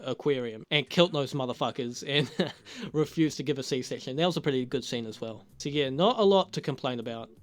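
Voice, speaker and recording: A man's voice: mid-range voice, clear, resonant tone. A man giving a casual, profane recap of a TV episode, laughing often and acting out lines from the characters. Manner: profane, laughing, animated retelling with acted quotes. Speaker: video reviewer.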